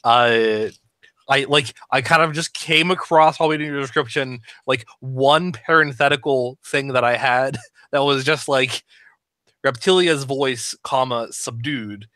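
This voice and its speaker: An animated man in casual podcast chat about voicing characters, his tone bright and forward. He swears freely and talks with plenty of energy. The sound is close and dry, with no room around it. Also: medium pitch, unhurried, no echo. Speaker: voice actor discussing his roles.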